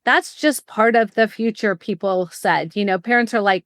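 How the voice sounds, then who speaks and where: A middle-aged woman talking as a podcast guest, lively and confident, about her consulting work. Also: fairly high pitch, normal speed, hardly any pauses, no echo, clean studio sound. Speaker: guest, college planning consultant. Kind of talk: casual interview. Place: home in Southern California.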